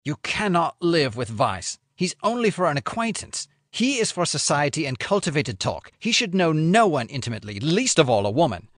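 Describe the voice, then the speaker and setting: A man's voice: on the high side, sing-song, normal speed, hardly any pauses, fairly bright tone, no room sound, clean studio sound. An actor voicing a passionate, earnest young Englishman pleading his love in an audiobook. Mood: impassioned. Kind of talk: audiobook reading.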